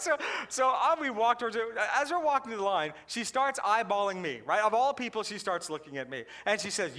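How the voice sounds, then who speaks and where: A man giving a keynote talk, telling a story in an animated way with frequent laughs. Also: high-pitched, brisk. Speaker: customer service keynote speaker.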